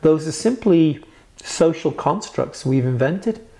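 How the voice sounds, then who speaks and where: A man's voice: fairly high pitch, animated, slow, vocal fry, mellow. A man preaching in a Q&A teaching, earnest and conversational, rising into emphatic bursts.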